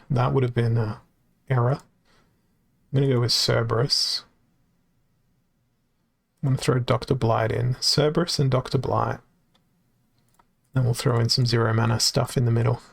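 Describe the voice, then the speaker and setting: A man's voice: mid-range voice, gravelly. A man commentating his own card game on a live stream in a casual, wry, self-deprecating way, thinking aloud as he plays, with his voice wearing thin. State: losing his voice.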